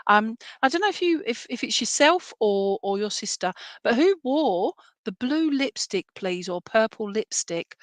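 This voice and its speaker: Gentle British woman medium, dry sound. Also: medium pitch, no room sound. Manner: gentle, reassuring, checking in with "all right?" and "okay?". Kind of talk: giving a spirit message.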